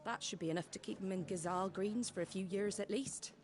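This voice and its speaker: A woman's voice: mid-range voice, brisk, over music, natural voice. An actress voicing a hearty, practical woman rebuilding her village, speaking in a folksy, blunt way in video game dialogue. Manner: folksy and blunt, dropping word endings.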